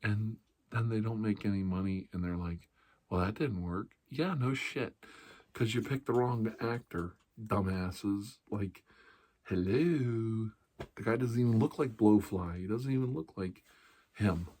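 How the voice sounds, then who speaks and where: Husky, blunt man rambling. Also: fairly low pitch, measured pace, darkish tone. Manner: blunt, profane and sarcastic. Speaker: ASMR channel host. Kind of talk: casual rambling ASMR talk.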